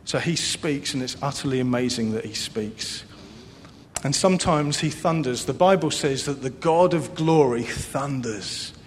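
Man, pastor preaching a sermon, earnest and repetitive, hushed to emphatic, long echoing hall. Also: unhurried. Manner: earnest, repeats phrases, swings between loud emphasis and hushed softness. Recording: long hall reverb with faint low rumble.

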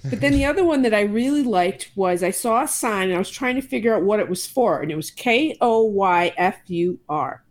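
A woman's voice: medium pitch, quick pace, few pauses. Woman telling travel anecdotes. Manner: storytelling, animated anecdotes. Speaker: podcast co-host. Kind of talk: casual chat.

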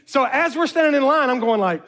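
High-voiced man telling a lively story. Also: a little fast. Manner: lively, addresses listeners directly. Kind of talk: animated personal storytelling.

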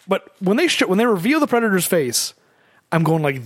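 A man's voice: sits high, sing-song, quick pace, no room sound, clean studio sound. A man co-hosting a podcast, chatting casually about a movie and laughing often as he rambles. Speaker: podcast co-host. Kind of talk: casual movie commentary chat.

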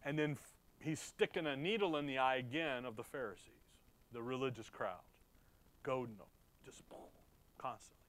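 A man preaching in a conversational Bible-teaching style. He asks his own questions and answers them, and swings between emphatic stresses and quiet asides. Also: mid-range voice, normal speed, long pauses. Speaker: pastor.

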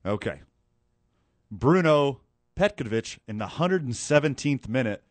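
A man chatting casually about soccer, recounting the game in an animated, excitable way with quick asides. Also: medium pitch, no echo. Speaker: co-host. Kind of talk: casual sports chat.

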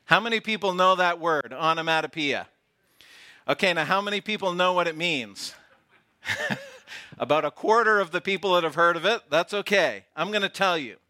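A man preaching a sermon, playful and teasing, dropping to a hush to make a point. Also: high-pitched, big pitch swings, normal speed. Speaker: pastor. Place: outdoor gathering with camp chairs.

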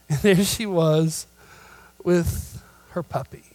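High-voiced man preaching slowly. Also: lively intonation, dry recording, rough recording. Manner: storytelling that swells into loud emphatic preaching. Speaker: pastor. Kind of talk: sermon.

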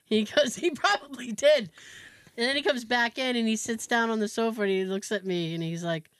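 A woman's voice: on the high side, steady tone, fairly quick, a bit bright, clear, resonant tone, no room sound, studio quality. A woman co-hosting a podcast in casual chat, telling a long story with lots of restarts. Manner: rambling storyteller, trails off and restarts. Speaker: podcast co-host.

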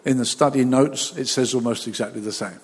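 A man preaching a sermon as a pastor, lively and animated, who acts out the voices of the people he talks about. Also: medium pitch, a little fast, in a large hall, a little hiss or hum.

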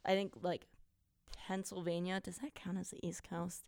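A woman's voice: lowish voice, flat delivery, moderate pace, gravelly, a little mellow, a little hiss or hum. A young woman from Wisconsin, co-hosting a podcast in a chatty, giggly, self-mocking way. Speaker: podcast co-host. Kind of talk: casual chat.

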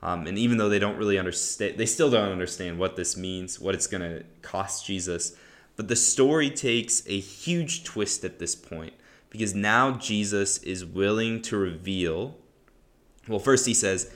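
A man with a low voice walks through a Bible story in easy conversational teaching. He pauses on fillers and keeps asking "right?" as he explains. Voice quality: relaxed, conversational, lots of "right?" and "um". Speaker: podcast host teaching the Bible. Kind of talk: casual teaching talk.

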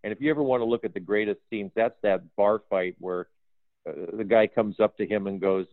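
A man working as a film art director, telling lively behind-the-scenes stories in a casual interview, acting out quoted dialogue and laughing often. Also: lowish voice, a little fast, no room sound. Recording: phone-like dry audio.

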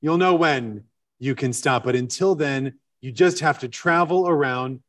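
A man voicing an elderly Hasidic master, speaking in a measured, reassuring way. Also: medium pitch, a bit bright, recorded from a distance, voice pushed down, close to an everyday voice. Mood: calm. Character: elderly male Hasidic master, calm and certain.

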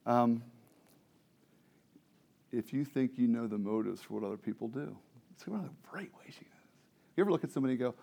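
A man preaching a sermon as pastor, moving between soft, confiding asides and loud, fervent preaching, often asking the congregation questions. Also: medium pitch, brisk, gravelly, long pauses. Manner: swings from quiet, intimate asides to loud, impassioned preaching.

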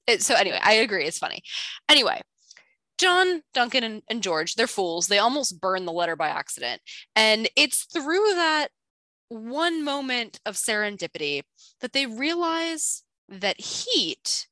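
A woman co-hosting a podcast, chatting casually as she recaps a book with quick asides. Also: on the high side, big pitch swings, sharp tone, dry recording. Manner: chatty, quick asides, reads clues aloud. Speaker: podcast co-host.

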